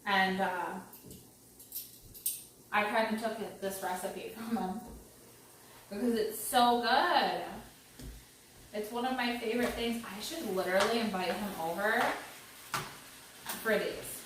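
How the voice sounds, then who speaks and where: A woman's voice: mid-range voice, steady tone, slow pace, long pauses. A woman hosting a casual cooking vlog in her home kitchen, chatty and rambling, poking fun at herself as she cooks. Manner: chatty, rambling, self-deprecating. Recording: very echoey room, mic far off, noisy.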